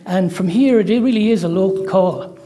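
Irish male preacher, sermon, mellow dark voice, frequent amens and praise-god interjections. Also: high voice, moderate pace. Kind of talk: sermon with opening prayer and joke.

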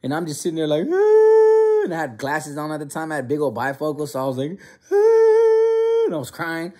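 A young man telling a funny childhood story in an animated, slangy way. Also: a little high, rapid-fire. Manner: animated, slangy, many restarts. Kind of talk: casual storytelling.

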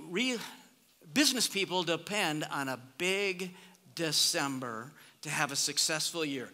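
Man, pastor, conversational sermon, hushed near-whispered moments, long church-hall reverb. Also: fairly high pitch. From Nebraska, USA. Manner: conversational, shifting from lively emphasis to hushed, near-whispered reflection. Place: church sanctuary.

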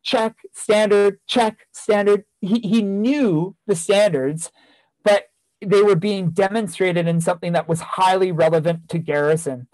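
Speaking at a moderate pace, this man has a high voice with a somewhat dark tone, captured in a rough recording without room sound. As a keynote speaker who once taught, he earnestly relates a story from those years, repeating phrases to stress them.

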